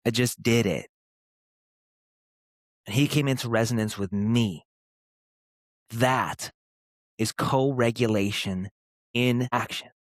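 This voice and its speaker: A man in his thirties hosting a podcast, speaking earnestly and emphatically in short, punchy phrases with pauses. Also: medium pitch, no room sound, studio quality. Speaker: podcast host. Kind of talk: motivational podcast monologue.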